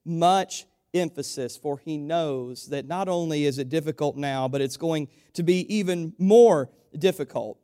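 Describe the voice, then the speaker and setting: A man's voice: a little high, slow pace, dark tone. A man preaching a sermon to his church, building to emphatic, repeated exhortations and calling his listeners "church".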